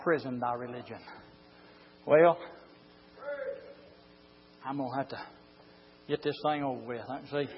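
A man preaching a fiery sermon, swinging from low, close talk to drawn-out shouted lines. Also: steady tone, muffled recording, slight background noise. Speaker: pastor.

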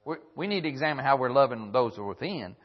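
A man's voice: mid-range voice, expressive, fast, dull audio. A man preaching a sermon, reading old-fashioned scripture verses aloud and circling back to repeat key phrases. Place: church broadcast on radio.

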